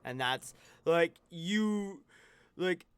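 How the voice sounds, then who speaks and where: This man's voice is fairly high, expressive and clean, with drawn-out words. He co-hosts a video game stream, chatting casually and rambling, full of fillers and restarts as he plays.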